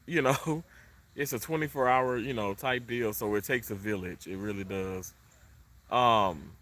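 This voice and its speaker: A man with a medium-pitched, slightly bright voice chats loosely with viewers during a livestream from his condo. He rambles, filling his casual live talk with plenty of fillers.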